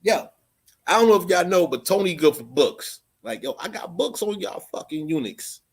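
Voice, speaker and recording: A man's voice: high voice, animated, normal speed, husky. Angry, profane man ranting on a livestream. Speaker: channel host. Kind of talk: livestream rant at chat.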